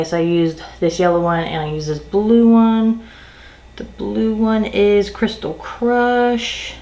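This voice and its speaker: A woman's voice: mid-range voice, roomy sound, a little hiss or hum, rough recording. A woman makeup vlogger chatting casually while doing her makeup, ranting in an exasperated way and swearing casually.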